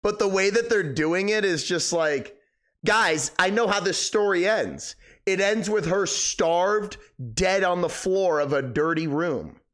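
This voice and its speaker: A man's voice: high-pitched, a little slow, a bit bright. A young man hosting a live stream, chatting casually and rambling, swearing a lot, his voice cracking. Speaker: livestream host.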